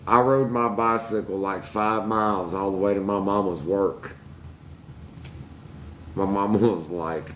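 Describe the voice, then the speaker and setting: A man's voice: deep voice, fairly even intonation, moderate pace, slight background noise. A man telling crude stories from his childhood in a casual chat, swearing freely and laughing at himself.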